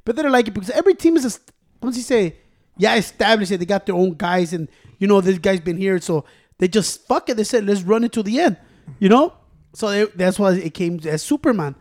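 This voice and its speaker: A man's voice: sits high, animated, fairly quick, darkish tone. A man in casual chat, swearing freely and mixing Spanish into his English. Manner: profane, mixes Spanish and English.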